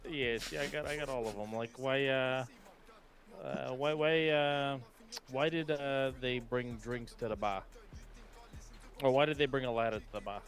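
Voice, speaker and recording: A man playing a laid-back ex-convict who rambles through dark jokes and dad jokes, stumbling over his words in live role-play. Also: medium pitch, steady tone, moderate pace, faint music behind, close to an everyday voice. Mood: joking. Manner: rambling, stumbling joke-teller.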